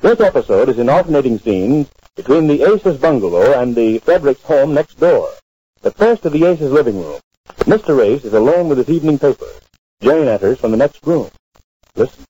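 A man announcing a radio comedy program, reading a measured, scripted scene setup. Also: medium pitch, big pitch swings, dark tone. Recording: dull lo-fi vintage radio recording.

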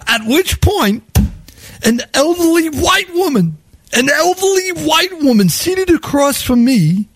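Wry high-voiced New storyteller. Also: male voice, very animated, takes it slowly, dry recording. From New York. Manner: wry, sardonic, chuckling, wordy. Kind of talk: comic storytelling monologue.

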